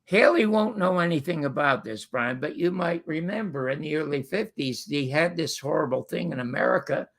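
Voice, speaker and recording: A man's voice: on the high side, expressive, moderate pace, vocal fry, few pauses. An older man from Canada, a guest telling rambling anecdotes full of fillers and restarts in casual conversation. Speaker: guest storyteller.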